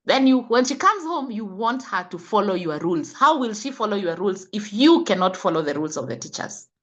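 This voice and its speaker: A woman's voice: mid-range voice, big pitch swings, fairly quick, muffled recording. A middle-aged woman with a Kenyan accent, a health coach who lectures parents with scolding rhetorical questions. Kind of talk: impassioned talk.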